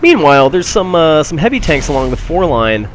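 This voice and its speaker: A man's voice: a little high, big pitch swings, fairly quick, a little hiss or hum. A man giving a casual, wry voice-over commentary on a tank battle game, with many fillers. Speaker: gameplay commentator. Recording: gunfire and engine sounds behind.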